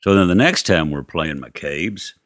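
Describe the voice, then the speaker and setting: A man's voice: low-pitched, expressive, a little slow, a bit bright, no echo, studio quality. A male musician telling anecdotes in a casual, rambling way, acting out what people said. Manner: rambling, acts out quotes, lots of "you know". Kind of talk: casual storytelling.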